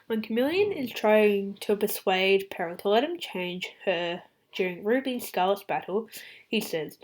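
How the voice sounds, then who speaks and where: Excitable Australian woman reading fan facts. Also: medium pitch, a little slow. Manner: chatty and excitable, drops into whispered asides. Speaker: fan channel host. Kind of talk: casual fact-reading vlog.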